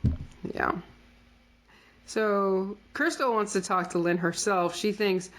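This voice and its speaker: A woman's voice: mid-range voice, takes it slowly, background noise. A woman co-hosting a podcast, chatting casually with lots of fillers and playfully quoting characters. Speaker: podcast co-host. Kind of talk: casual recap chat.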